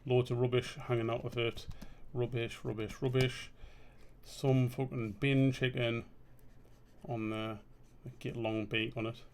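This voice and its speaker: A man's voice: medium pitch, level tone, unhurried, darkish tone, slight background noise. A man streaming a drawing session, rambling and muttering to himself, swearing freely as he works. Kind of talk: casual live-stream commentary while drawing.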